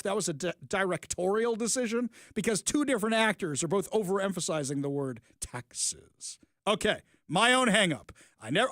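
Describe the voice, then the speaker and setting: Talk radio guy, high voice jumping all over, sarcastic rants, dry close mic. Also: no room sound. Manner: sarcastic, animated, quick asides and restarts. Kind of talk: opinionated political talk radio.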